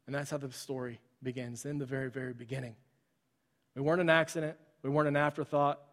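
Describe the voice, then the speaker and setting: Flat-voiced man preaching in a hall. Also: mid-range voice, fast. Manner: conversational, with frequent fillers and restarts. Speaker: pastor. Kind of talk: sermon storytelling. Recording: long hall reverb.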